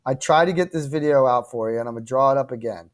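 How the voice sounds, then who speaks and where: A crypto trading channel host speaks fast in a mid-range voice, walking viewers through charts casually and emphatically. He repeats himself, talks straight to the audience with constant "okay?" and "right?", and sometimes sounds apologetic or frustrated.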